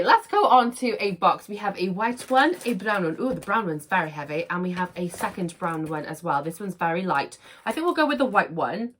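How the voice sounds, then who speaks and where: A young woman chats her way through an unboxing at home, gushing and excitable over each item. Her voice sits a little low for a woman, and she talks in a loose, casual way. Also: breathy edge. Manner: gushing, excitable, laughs often. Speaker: unboxing vlogger.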